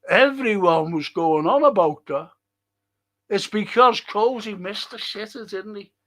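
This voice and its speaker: A man's voice: high-pitched, measured pace, a bit bright. A middle-aged man, hosting a casual football livestream and answering viewer comments bluntly, swearing often. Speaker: football podcast host.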